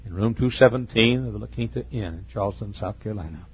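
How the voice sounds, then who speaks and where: An older man preaching in a church, retelling a personal story in a halting, heartfelt way with repeated phrases. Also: fairly low pitch, breathy edge, dull audio. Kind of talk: emotional sermon storytelling. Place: church sanctuary.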